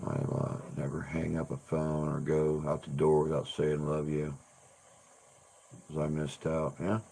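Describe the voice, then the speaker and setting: A man's voice: a bass voice, monotone, unhurried, creaky, dark tone. A man hosting a casual livestream chat, rambling and restarting his sentences, with the odd swear word. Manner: rambling, repeats words, swears. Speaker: livestream host.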